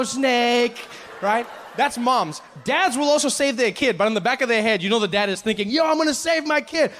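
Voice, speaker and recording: A man performing stand-up comedy, telling a story with animated delivery and acting out the characters. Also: high-pitched, a little hiss or hum.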